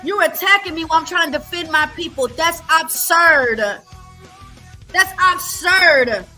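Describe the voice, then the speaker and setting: A woman arguing on a livestream call, loud and profane, repeating herself. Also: very high voice, a little slow, soft background music. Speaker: livestream guest. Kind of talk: heated livestream argument.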